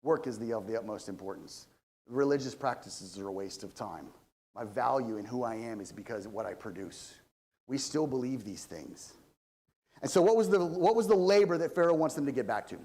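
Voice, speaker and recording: This male pastor preaches conversationally, dropping in plenty of asides and swinging between loud, emphatic passages and low, quiet ones. His intonation is lively and his pace a little fast.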